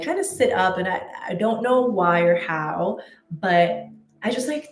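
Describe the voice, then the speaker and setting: Woman, casual storytelling, chatty, lots of fillers, slow, echoey room. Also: fairly low pitch. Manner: chatty, many fillers and restarts. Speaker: spiritual content creator.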